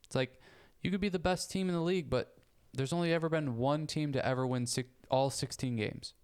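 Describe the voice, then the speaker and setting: Smooth-voiced man in casual talk. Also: a little high, a little fast, a little mellow. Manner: earnest, reasoning with sports comparisons, casual swearing. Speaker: podcast co-host. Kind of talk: casual conversation.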